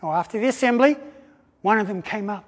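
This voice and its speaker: A man preaching a sermon, telling a story in an animated way and acting out the voices of the people in it, with frequent restarts. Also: sits high. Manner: animated, acts out quoted voices with pauses and restarts. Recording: long hall reverb.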